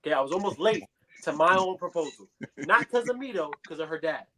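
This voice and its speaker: A young man telling a story in casual podcast chat, animated and acting out what others said. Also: on the high side, a little fast. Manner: animated storyteller, acts out quotes. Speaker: podcast co-host.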